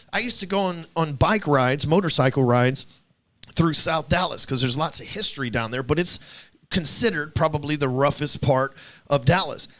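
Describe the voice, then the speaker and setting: A man hosts a casual podcast, and his speaking voice sits a little high. He tells stories in a loose, swearing, emphatic way. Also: a bit bright. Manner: profane, storytelling, emphatic. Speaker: podcast host.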